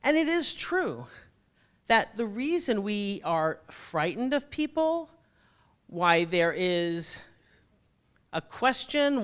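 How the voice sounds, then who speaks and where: A woman delivers a motivational keynote and talks directly to her listeners. Her pitch swings widely, rising and dropping as she drives each point home. She is playful and jokey along the way. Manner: animated, jokey, addresses audience directly. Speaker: keynote speaker.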